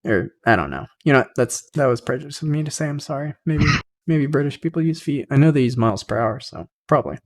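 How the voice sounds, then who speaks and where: A man's voice: medium pitch, expressive, quick pace. A young man hosting a podcast, casually reading aloud and rambling with side comments. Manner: rambling, many fillers, laughs at own asides. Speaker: podcast host.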